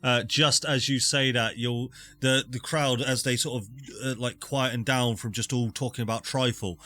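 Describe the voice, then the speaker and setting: A man running a tabletop game, his voice bright and forward. He describes scenes in loose, meandering sentences full of fillers. The delivery is relaxed and improvised. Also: mid-range voice, moderate pace, few pauses, soft background music. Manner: loose, rambling narration with fillers. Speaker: game master.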